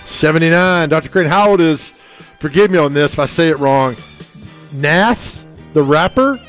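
A man hosting a casual radio show, quizzing his co-hosts with quick banter. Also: a little high, lively intonation, a bit bright, soft background music, rough recording.

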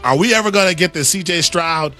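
A man, a sports analyst, giving hyped-up previews of football games with an animated, salesman-style delivery. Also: high voice, brisk, faint music behind. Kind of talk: hyped-up game preview pitch.

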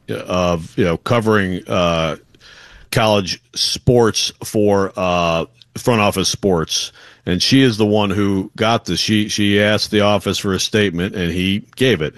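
A man co-hosting sports talk radio, speaking casually and haltingly with many fillers. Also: lowish voice, fairly bright tone, no echo, clean studio sound. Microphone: studio microphone.

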